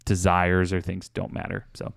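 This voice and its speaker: A man's voice: sits low, monotone, moderate pace, gravelly, no room sound, studio quality. A man in his thirties co-hosting a podcast, telling a candid personal story in a confessional, casual way. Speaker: podcast co-host. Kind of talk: casual chat.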